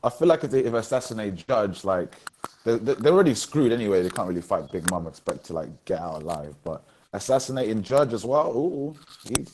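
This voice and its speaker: A man's voice: on the low side, lively intonation, brisk, darkish tone, a little hiss or hum, rough recording. A man co-hosting a casual group voice-call chat in a loose, joking way. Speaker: podcast co-host.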